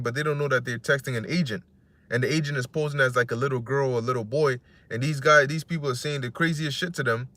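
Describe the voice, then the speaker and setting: A man's voice: medium pitch, sharp tone, no room sound. A man preaching casually on scripture, rambling and conversational, acting out voices he quotes and cursing freely.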